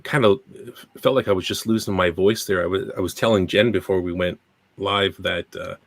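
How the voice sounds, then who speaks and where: A man's voice: deep voice, fairly even intonation, normal speed, creaky, no echo. A middle-aged Canadian man hosting a podcast, chatting in a rambling, self-deprecating way while getting over a cold. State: recovering from a cold. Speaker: podcast host. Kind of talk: casual podcast chat.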